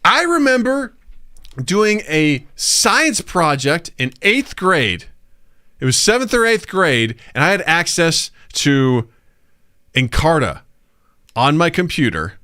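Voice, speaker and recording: A male podcast co-host chats casually, telling stories animatedly and acting out the voices of the people in them. His voice is a little high, smooth, and slow, with a clean studio sound and no room echo.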